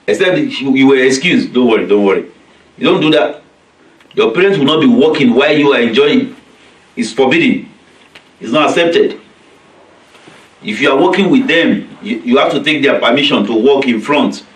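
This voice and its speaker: A man's voice: medium pitch, moderate pace, pauses often. Male religious teacher, weekly lesson, explains Arabic verses in plain English, acts out the quotes, echoey community hall, far from the mic. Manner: recites verses in Arabic and explains them in simple, repetitive English; acts out quoted voices of children and parents. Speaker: religious teacher leading a weekly study circle. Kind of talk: religious lecture.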